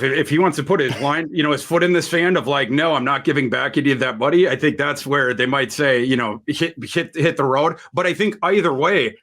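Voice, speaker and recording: A man with a slightly high voice who makes his case emphatically on a panel. He rambles and restarts his sentences often. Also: fairly bright tone. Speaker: fantasy football analyst. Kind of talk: panel draft discussion.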